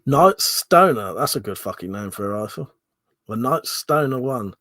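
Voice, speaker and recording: A man's voice: on the low side, normal speed, a bit bright. A man with a cold, sniffling and coughing, hosting a casual live stream where he reads out viewer comments, swearing and laughing often.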